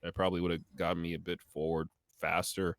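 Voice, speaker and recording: A man's voice: low voice, level tone, quick pace, fairly bright tone, no room sound, clean studio sound. A man speaking as a guest on a video call interview, wry and self-deprecating, often laughing at himself. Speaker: guest streamer. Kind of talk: casual interview chat.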